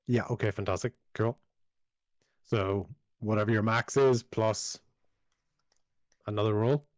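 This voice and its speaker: A man running a tabletop game as game master, easygoing and quick to affirm, explaining rules and describing the scene. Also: lowish voice, fairly even intonation, darkish tone, no room sound. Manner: easygoing, affirming with repeated yeahs. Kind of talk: narrating and ruling a tabletop game. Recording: slightly dull lo-fi audio.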